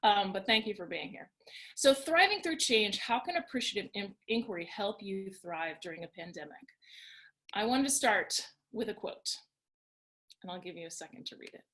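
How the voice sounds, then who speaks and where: A woman leads an online workshop from home, speaking through a computer mic on a video call. Her voice sits at an ordinary middle pitch for a woman. She tells stories in an upbeat, conversational way. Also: expressive, moderate pace, fairly bright tone. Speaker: workshop presenter. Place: home in Washington, D.C.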